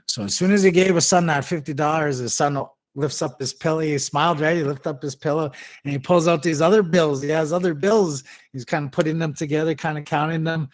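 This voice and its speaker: A man vlogging, telling a story and giving motivational advice in a casual, animated way. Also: on the high side, brisk. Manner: animated, conversational, preachy.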